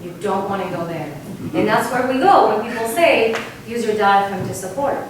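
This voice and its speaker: A woman vocal coach from Argentina leads a singing workshop, teaching in a lively way and often checking in with "right?". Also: medium pitch, normal speed, a little hiss or hum. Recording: distant mic in a very echoey room.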